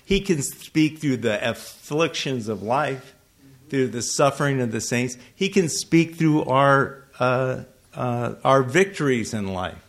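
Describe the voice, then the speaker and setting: A man preaching to a congregation, talking to them conversationally and asking them questions, with sudden loud emphasis and frequent self-corrections. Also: mid-range voice, takes it slowly. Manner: restarts and self-corrections when tongue-tied. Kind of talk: sermon. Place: church hall with a congregation.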